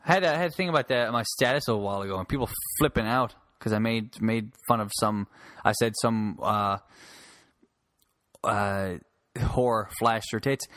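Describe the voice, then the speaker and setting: A man's voice: on the low side, normal speed, a bit bright, dry recording. A man from Newfoundland, a comic, rambling and swearing through a casual solo podcast. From Newfoundland, Canada. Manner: rambling, profane, joking. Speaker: podcast host and stand-up comic.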